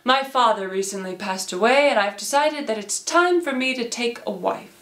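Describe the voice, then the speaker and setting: A woman's voice: a little high, animated, moderate pace, a bit bright. Petruchio, a pushy eager suitor voiced by a woman. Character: Petruchio, brash young nobleman eager for a rich wife. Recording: echoey room.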